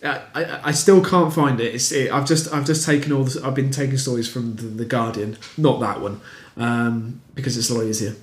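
A man's voice: mid-range voice, fairly even intonation, fairly quick, few pauses. Hesitant male podcast co-host, echoey. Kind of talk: casual chat.

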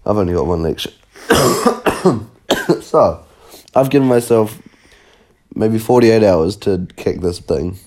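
A man's voice: fairly low pitch, slow, pauses often, darkish tone. A young man co-hosting a casual podcast while sick and coughing, blunt and laid-back, swearing freely. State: sick, coughing, sore throat. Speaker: podcast co-host.

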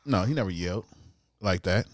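A man's voice: low voice, expressive, brisk, a crowd in the background. A man co-hosting a casual podcast among friends, laid-back and teasing as he counters the others. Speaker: podcast co-host.

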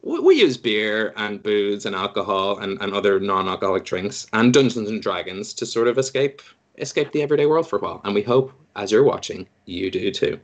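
A man hosting a casual podcast chat, jokey and quick to laugh. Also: fairly low pitch, animated. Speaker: podcast host.

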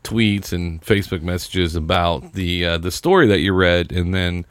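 Low-voiced rambling man in casual chat. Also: normal speed, smooth, no room sound. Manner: rambling, chatty, trails off mid-sentence. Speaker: podcast co-host.

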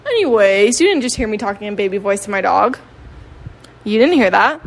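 A woman's voice: mid-range voice, expressive, brisk. A nineteen-year-old woman chatting casually into her phone at home, rambling and self-deprecating, full of fillers and restarts. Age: late teens. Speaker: vlogger. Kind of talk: casual confessional chat. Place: home with dogs.

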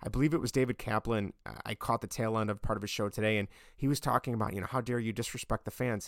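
A man's voice: fairly low pitch, fairly even intonation, fast, few pauses, no echo, clean studio sound. Man ranting on a sports podcast. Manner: ranting, gets worked up and loud. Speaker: podcast host. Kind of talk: casual sports opinion monologue.

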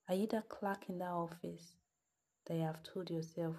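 A woman's voice: lowish voice, fairly even intonation, moderate pace, warm tone, a little hiss or hum. A woman telling a moral story, then earnestly questioning her listeners like a preacher. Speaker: podcast host. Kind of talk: storytelling and motivational address.

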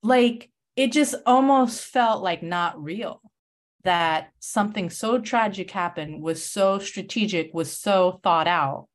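A woman's voice: mid-range voice, slow pace. A young woman guest on a podcast interview, telling a personal story with impassioned, emphatic bursts. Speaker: self-defense coach guest.

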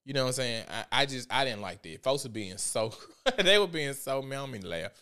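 Animated, profane man vlogging. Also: medium pitch, brisk, smooth. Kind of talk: casual commentary.

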